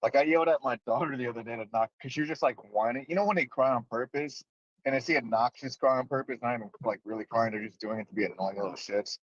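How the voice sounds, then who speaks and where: Casual podcast man, mid voice, animated and profane, lo-fi dry sound. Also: mid-range voice, fast talker, no room sound. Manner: emphatic, profane, animated storytelling. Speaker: podcast co-host. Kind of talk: casual chat. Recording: dull, dry lo-fi audio.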